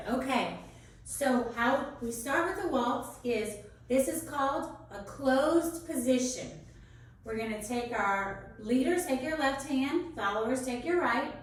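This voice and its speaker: High-voiced woman teaching dance. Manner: bright, encouraging, counts steps aloud, calls out moves. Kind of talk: teaching children a dance lesson. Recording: echoey room from a distance.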